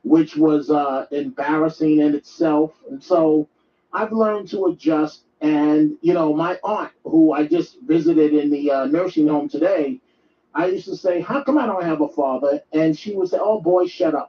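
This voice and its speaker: A man's voice: fairly high pitch, measured pace. A male host of a live call-in show, speaking in an earnest, reflective way to his callers. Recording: roomy distant dull mic.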